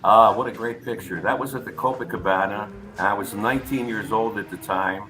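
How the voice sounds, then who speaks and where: An older man, a guest entertainer, telling lively stories in a casual interview chat. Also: lowish voice, fairly quick, rough recording. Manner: lively storyteller, acts out voices in anecdotes.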